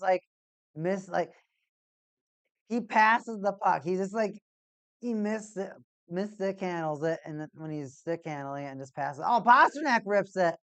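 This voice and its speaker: A woman's voice: lowish voice, dry recording. A woman hosting a casual hockey watch-party stream, rambling and joking and repeating herself as she chats to viewers. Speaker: livestream host.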